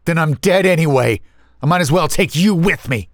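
A furious younger brother, as a male narrator voices him shouts high and hard, his voice pushed well above its usual low register. The pace is slow and drawn out, with anger carrying every word. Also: animated, no room sound, studio quality, full character voice. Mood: enraged. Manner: shouting in rage, voice breaking high.

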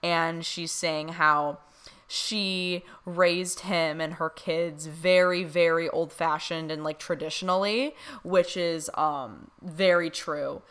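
Young woman, casual vlog chat, low pitch, bright forceful tone, lots of fillers and laughs. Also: steady tone, slow pace, clean tone. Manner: chatty, full of "you know" and "like", laughs often. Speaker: vlogger recounting a reading.

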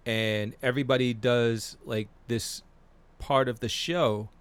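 Podcast co-host, forties, mid-pitched man, loose rambly delivery with lots of fillers and swearing. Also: fairly even intonation, takes it slowly, clear, resonant tone. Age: 40s. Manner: rambling, profane, with many fillers. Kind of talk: casual chat.

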